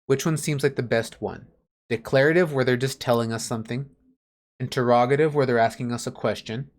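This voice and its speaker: A man's voice: mid-range voice, a little fast. A man teaching an online class on a video call, patiently explaining grammar with everyday examples.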